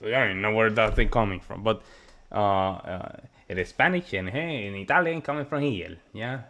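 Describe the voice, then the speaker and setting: Lively man reacting with animated commentary. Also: fairly low pitch, moderate pace. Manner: animated, loud interjections, repeats words. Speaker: reaction video host.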